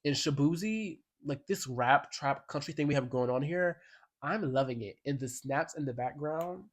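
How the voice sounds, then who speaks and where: A man's voice: fairly high pitch, moderate pace. A man in a casual album review vlog, talking in a sassy, slangy and emphatic way and now and then reading song lyrics aloud. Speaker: music commentator.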